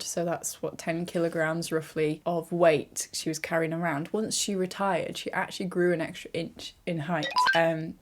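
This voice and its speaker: A young woman, talking through a casual vlog in a chatty, animated way with self-mocking asides. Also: on the low side. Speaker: YouTuber.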